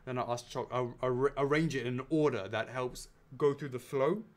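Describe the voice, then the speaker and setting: A man with a medium-pitched voice hosts a casual Q&A chat at a moderate pace. He rambles, jokes, and laughs often while reading out the questions.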